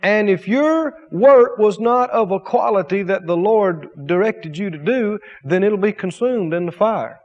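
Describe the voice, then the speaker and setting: Pastor guy preaching, high voice, lots of repeating and asking the crowd, big church echo. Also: moderate pace, hardly any pauses, dull audio. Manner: emphatic preaching with repetition and rhetorical questions. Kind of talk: sermon.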